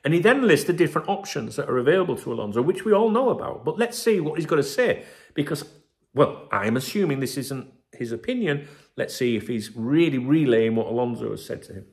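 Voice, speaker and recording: A man's voice: medium pitch, big pitch swings, brisk. Guy hosting a footy channel, chatty, keeps saying right, swears a bit. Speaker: football channel host. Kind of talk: casual commentary to camera.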